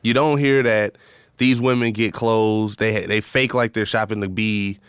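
A man co-hosting a casual chat, relaxed and laughing often, thinking aloud as he talks. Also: lowish voice, a little slow, clear, resonant tone, dry recording, clean studio sound.

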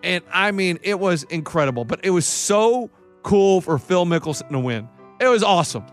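Excitable high-voiced sports talk host. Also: male voice, moderate pace, soft background music. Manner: excitable, animated storytelling. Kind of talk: casual sports chat.

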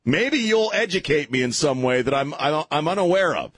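A man's voice: fairly high pitch, lively intonation, moderate pace, a bit bright, husky, no echo. A man hosting talk radio, ranting sarcastically through an opinionated monologue and often restarting his sentences.

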